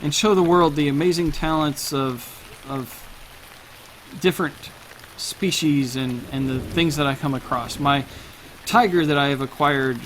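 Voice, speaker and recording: A man voicing a strange, evasive old male carnival traveler, speaking haltingly and attempting a German accent, over faint rain. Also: fairly high pitch, fairly bright tone, slight background noise.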